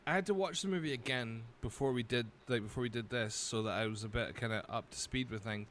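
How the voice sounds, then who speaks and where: A man's voice: mid-range voice, fast, a bit bright, slight background noise. A man, a podcast co-host telling stories in casual chat, laughing often and swearing freely.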